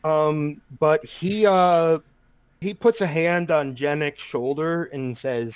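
A man's voice: on the high side, slow, clear, resonant tone, dry recording. Man narrating a tabletop game over a phone-like line. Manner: rambling, many fillers and restarts. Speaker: game master. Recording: dry, phone-like online call audio.

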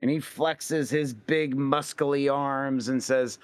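A man's voice: mid-range voice, fairly even intonation, takes it slowly, hardly any pauses, clear, resonant tone. A man narrating his scene as a player in a tabletop role-play, with vivid, descriptive scene-setting.

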